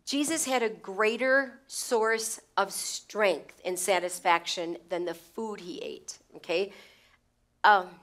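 A woman's voice: mid-range voice, takes it slowly, a bit bright. A woman teaching a Bible lesson in a conversational way, repeating phrases for emphasis and checking in with her listeners. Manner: conversational, with stumbles and restarts.

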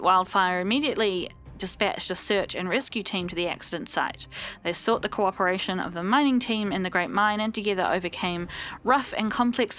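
A woman's voice: medium pitch, a bit bright. New lady reading game news like an anchor, little stumbles, mid voice. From New Zealand. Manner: reads in a mock news-anchor voice, stumbles and laughs. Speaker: let's play host. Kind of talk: reading game text aloud with commentary.

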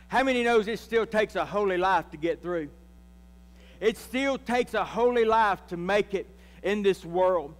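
A man's voice: high voice, big-room sound. A man, a pastor, preaching a sermon and calling out to his congregation. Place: church sanctuary.

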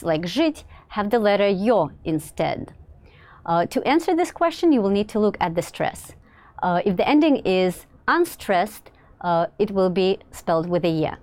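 A woman teacher explaining verb grammar in a clear, measured way, with occasional fillers and slower speech for example words. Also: medium pitch, a little mellow. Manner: slows down to model example words. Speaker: language teacher. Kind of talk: recorded grammar lesson.

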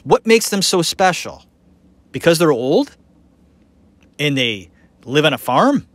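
Guy ranting about a doc on his podcast, lively voice, slow and dry sounding. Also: fairly high pitch, no echo. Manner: animated, opinionated, rambling with fillers. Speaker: podcast host. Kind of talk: casual commentary.

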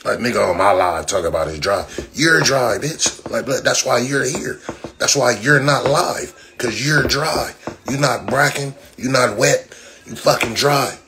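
A man with a gravelly, medium-pitched voice talks at a normal speed while ranting on his livestream. He's brash and profane, trash-talking and mocking the commenters watching him, all captured in noisy phone audio.

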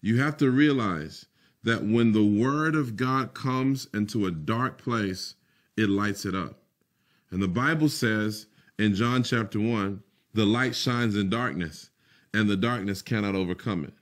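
A man preaching a sermon to his listeners. He stretches out key words with deliberate, emphatic weight and repeats his lines for effect, then slips into quick, quiet mutters. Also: on the low side. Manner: preaching with slow emphatic phrasing and muttered asides. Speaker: pastor.

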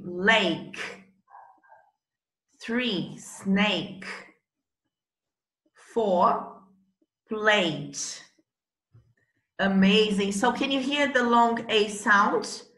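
Slow, bright-voiced woman teaching. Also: mid-range voice, roomy sound, poor audio. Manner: slow, encouraging drilling of words. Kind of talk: bilingual classroom lesson.

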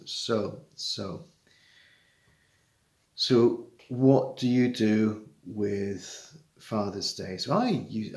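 A middle-aged man with an earnest, halting manner, talking straight to fellow fathers in a heartfelt personal monologue. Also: on the low side, gravelly, roomy sound. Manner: earnest, halting, with many restarts and repetitions. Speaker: father giving advice to estranged dads.

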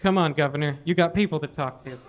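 A man voicing a calm, soothing middle-aged male president who speaks in a low, gentle murmur, on a slightly muffled live recording. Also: fast, lightly acted.

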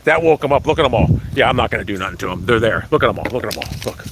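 A man livestreaming outdoors on his phone, rambling excitably to his viewers and swearing freely. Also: mid-range voice, very fast, noisy background. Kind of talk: outdoor live stream chat. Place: outdoors by a hill.

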